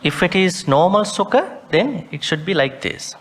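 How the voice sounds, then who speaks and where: A man's voice: sits high, lively intonation, normal speed. A man, a Buddhist monk, teaching a sutta study class, reciting Pali words with care and spelling out how each one should sound.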